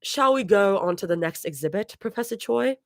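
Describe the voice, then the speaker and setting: A woman's voice: on the low side, measured pace, fairly bright tone, dry recording, studio quality. A woman reading aloud as a gleeful, grinning young woman, in a storybook reading.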